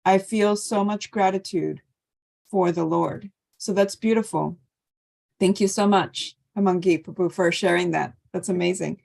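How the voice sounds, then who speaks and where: A woman's voice: lowish voice, fairly even intonation, a little slow, gravelly. A woman leading an online devotional scripture class over a video call, thanking people and asking them to share. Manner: warm thanking and inviting sharing. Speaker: class leader.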